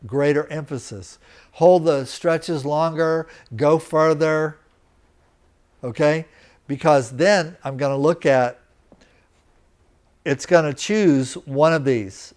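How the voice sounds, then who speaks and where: A man lectures to a small class at an unhurried pace, his voice sitting a little high for a man. He walks through each step carefully and often stops to ask whether his students understand. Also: darkish tone. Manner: slow, deliberate, checks in with students. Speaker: teacher. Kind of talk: live lecture. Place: teaching center room.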